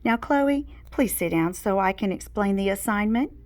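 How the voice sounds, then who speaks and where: A woman's voice: medium pitch, moderate pace, natural voice. A woman doing a patient young teacher. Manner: calm, firm, kindly.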